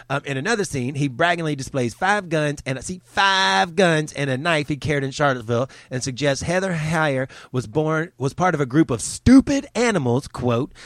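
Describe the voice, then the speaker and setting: A man's voice: mid-range voice, moderate pace, no echo. A man giving heated, profane commentary on a news story, swearing often as he rants.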